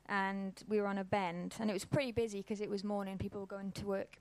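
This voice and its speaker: A woman's voice: medium pitch, little pitch movement, quick pace, a little mellow, no room sound. A woman, giving an informal church talk and telling a personal story in a casual, conversational way. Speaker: church speaker.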